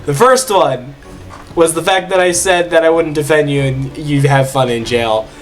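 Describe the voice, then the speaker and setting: A man's voice: on the high side, normal speed. A man streamer chatting casually over a game, teasing his partner and explaining his own jokes. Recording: distant mic with game music behind.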